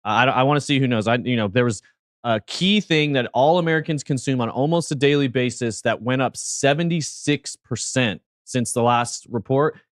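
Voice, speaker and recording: A man's voice: medium pitch, normal speed, no room sound, studio quality. A man co-hosting a casual crypto livestream, talking through prices and quizzing the chat. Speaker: crypto show co-host.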